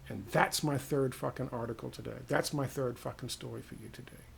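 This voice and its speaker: A man with an American accent giving a heated, profane political monologue, firing off rhetorical questions and dropping to hushed tones. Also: mid-range voice, steady tone, a little fast, gravelly, a little hiss or hum. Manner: ranting, drops to hushed tones. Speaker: political commentator.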